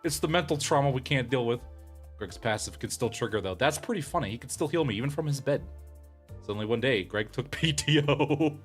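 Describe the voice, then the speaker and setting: A man's voice: medium pitch, animated, fairly quick, soft background music. A man chatting casually with his live stream audience in a self-deprecating way, laughing often. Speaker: streamer and voice actor.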